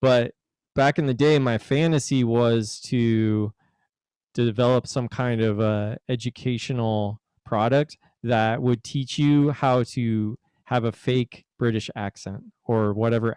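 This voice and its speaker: Casual guy hosting a podcast, smooth voice, dry close sound, teasing and rambly. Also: medium pitch, fairly even intonation, unhurried, a little mellow, dry recording. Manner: teasing, rambling, puts on a joke British accent. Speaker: podcast host.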